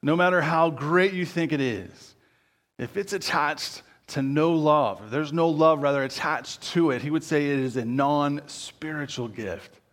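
Conversational man preaching a sermon. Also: measured pace. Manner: frequent tag questions, conversational preaching with self-corrections; drops low and quiet at key words. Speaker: pastor.

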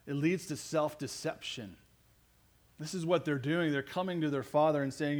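A male pastor delivers a sermon in an earnest, building way. His voice sits a little higher than most men's. He leans into his points with growing emphasis. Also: steady tone, moderate pace.

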